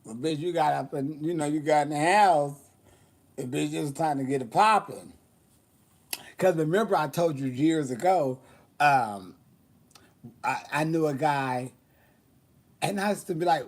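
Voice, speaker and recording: A man with a slightly high voice, hosting a loose, chatty show. He tells bawdy stories with sass and theatrical asides, laughing often as he goes. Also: normal speed. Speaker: host. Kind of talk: casual storytelling chat.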